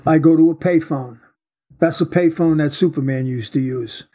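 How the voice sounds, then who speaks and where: A man's voice: a little high, moderate pace. A man telling a story of his undercover work in a casual interview, blunt and full of swearing. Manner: blunt, profane, animated storyteller. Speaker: retired undercover agent, guest.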